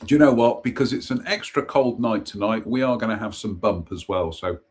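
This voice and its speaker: A man's voice: lowish voice, fairly quick. A man hosting a live stream, reading ghost stories aloud with chatty, self-mocking asides and the odd stumble over a name. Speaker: host.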